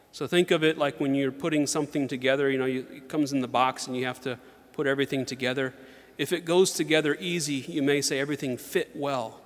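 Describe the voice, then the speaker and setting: A man giving a sermon in an earnest, measured way, reading slowly and with emphasis. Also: mid-range voice. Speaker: preacher. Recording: long hall reverb.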